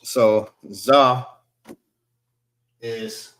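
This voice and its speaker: A man teaching a class, slowly sounding out letters one by one and repeating himself. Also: medium pitch, fairly even intonation, fairly bright tone, echoey room, poor audio. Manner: slow, repetitive, spells out sounds one by one. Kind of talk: classroom language lesson. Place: library meeting room.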